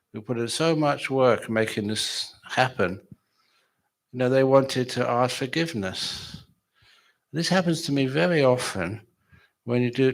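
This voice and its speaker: A man giving a chatty, humorous dharma talk at a retreat, telling stories and laughing with his audience. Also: medium pitch. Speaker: meditation teacher.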